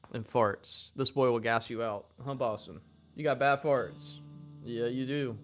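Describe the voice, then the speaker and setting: A man talking casually to camera about guitar and music, rambling and relaxed, full of slang, now and then cooing at his dog. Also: mid-range voice, slow pace, long pauses. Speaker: guitarist and vlogger.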